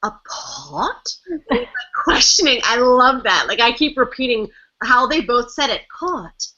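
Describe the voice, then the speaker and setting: A woman co-hosting a casual fan chat, lively and self-deprecating, laughing often. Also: a little high, moderate pace. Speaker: podcast co-host. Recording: muffled lo-fi audio.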